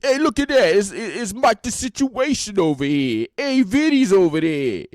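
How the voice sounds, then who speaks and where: A man putting on a brash, shouting wise-guy voice, mocking reality TV stars. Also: high-pitched, sing-song, moderate pace, no echo, studio quality, voice pushed up. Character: loud brash male New Jersey wise guy.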